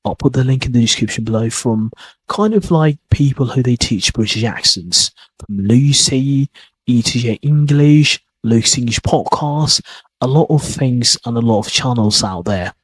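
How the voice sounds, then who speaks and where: A man's voice: mid-range voice, moderate pace, slightly rough, dry recording, poor audio. A man hosting a podcast lesson, talking casually and rambling as he repeats his points. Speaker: accent teacher. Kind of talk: casual teaching monologue.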